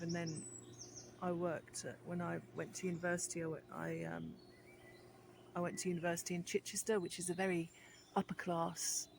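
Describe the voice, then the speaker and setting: A woman from Birmingham with a softened Brummie accent, chatting casually and rambling with many ums, sounding tired. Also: on the low side, little pitch movement, moderate pace, background noise. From Birmingham, England. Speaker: vlogger. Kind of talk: casual chat to camera. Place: outdoors in woodland with birds.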